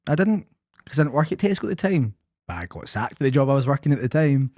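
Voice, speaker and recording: Young man, wry deadpan delivery, casual podcast chat, dry close mic. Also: medium pitch, fast talker, no room sound. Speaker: podcast co-host.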